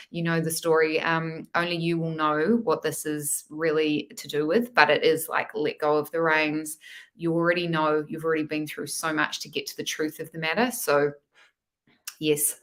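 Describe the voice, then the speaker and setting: A woman reads tarot live for her viewers, chatty and affectionate, calling them "my love" and tagging her sentences with "hey?". Her voice sits a little low but has a bright, forceful edge. It sounds like she is talking into a webcam or phone mic at her desk. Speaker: tarot reader hosting a live stream. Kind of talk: casual live-stream tarot reading.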